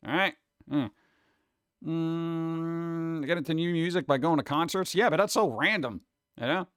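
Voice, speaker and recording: Male streamer, casual and animated, clear resonant tone, dry close mic. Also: a little high, unhurried, no echo. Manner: animated, chatty, slips into mock voices. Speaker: streamer host. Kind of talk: casual chat with viewers.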